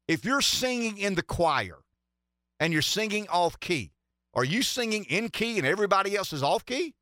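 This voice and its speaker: Bright, animated talk radio host. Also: male voice, a little high, no room sound, studio quality. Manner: rambling, many fillers and restarts, emphatic. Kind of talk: political talk radio commentary.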